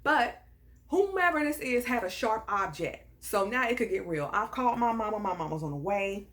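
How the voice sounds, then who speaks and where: A woman telling a personal story in a casual, animated and emphatic way, full of sass. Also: medium pitch, normal speed. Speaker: storyteller vlogger.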